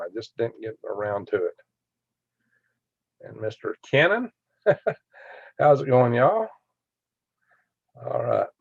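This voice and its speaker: A man's voice: medium pitch, vocal fry, slightly rough, dry recording, dull audio. A man with a Southern US accent hosting a casual livestream chat, rambling in a folksy way and chuckling often. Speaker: livestream host. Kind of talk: casual livestream chat, reading viewer comments.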